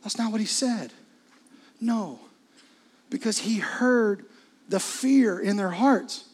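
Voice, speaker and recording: A middle-aged man preaching a sermon, his delivery swinging from hushed, intimate lines to loud, urgent ones. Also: high-pitched, slow pace, breathy edge. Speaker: pastor.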